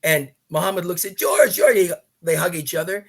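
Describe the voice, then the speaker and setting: A middle-aged man tells a story as a podcast guest. He speaks in a fairly high voice, animated and digressive, with many restarts and asides. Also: moderate pace. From Canada.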